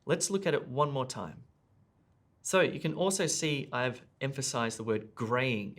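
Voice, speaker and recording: Male tutor, mid pitch, clear deliberate delivery with stressed key words. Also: a bit bright. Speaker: English test tutor. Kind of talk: explanatory lesson.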